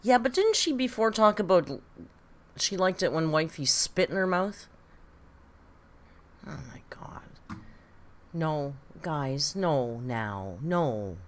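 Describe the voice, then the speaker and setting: A woman's voice: sits low, very animated, takes it slowly, pauses often. A woman hosting a casual live-stream reaction, chatty and exclamatory with some swearing. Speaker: livestream reaction host.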